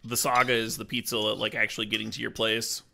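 A man streaming a card game draft, talking casually in a playful, joking way and swearing when excited. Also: on the low side, a little fast, vocal fry.

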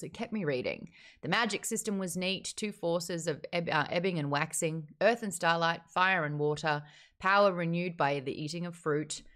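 A woman's voice: lowish voice, a bit bright. Candid, laughing woman hosting a book chat. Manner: candid, wry, laughs often. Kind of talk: casual book review chat, reading viewer comments.

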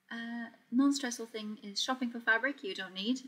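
A woman's voice: on the high side, a bit bright. A young woman hosting a casual sewing livestream, chatting easily, reading out comments and laughing often as she works. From Portugal. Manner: chatty, reads chat aloud, laughs often. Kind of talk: casual live-stream chat while sewing.

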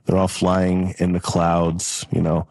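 A man's voice: low-pitched, monotone, takes it slowly, darkish tone, dry recording. A man hosting and narrating an improvised tabletop game in a loose, rambling way. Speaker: host and game master.

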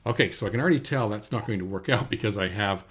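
A man teaching a software recording lesson at his computer, talking through each step in a relaxed way with fillers, into a desk microphone indoors. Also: lowish voice, fast, a little hiss or hum. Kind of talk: screen-recorded software tutorial. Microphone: USB desk microphone.

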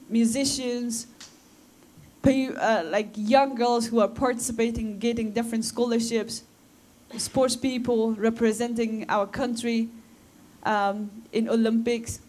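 A woman from Afghanistan speaks in English, her voice sitting a little high. She talks earnestly and with feeling to a room of students. She often breaks off and restarts her phrases. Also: steady tone, takes it slowly, darkish tone. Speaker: guest speaker at a school talk. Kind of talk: personal talk to students. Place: school assembly room.

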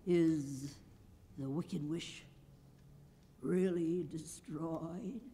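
A storybook wizard speaking unseen from his throne, as a woman reader puts him on. He draws every word out slowly and grandly. The sound hangs in a large reverberant auditorium. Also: mid-range voice, animated, a little hiss or hum, close to an everyday voice. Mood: nervous. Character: booming, then trembling hidden male wizard.

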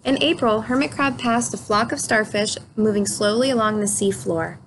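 A woman reads a children's picture book aloud, calm and clear, her voice sitting slightly high. A faint background hiss stays under her. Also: moderate pace. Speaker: storybook reader.

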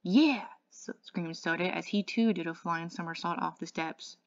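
A woman, an English tutor, reading a novel aloud in a steady voice, with small slips and restarts. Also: on the low side, moderate pace, dry recording, dull audio.

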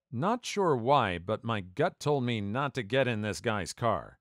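A man doing scripted story narration in an animated way, acting out the dialogue. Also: medium pitch, unhurried, no room sound, studio quality.

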